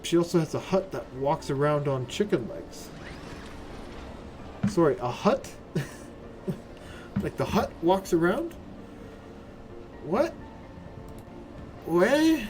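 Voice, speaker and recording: A man's voice: fairly high pitch, slow, pauses often, soft background music. A man casually commenting on a game as he streams it, cursing freely, talking to his chat and tagging "right?" onto his sentences. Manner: profane, excitable, talks to chat, keeps asking "right?".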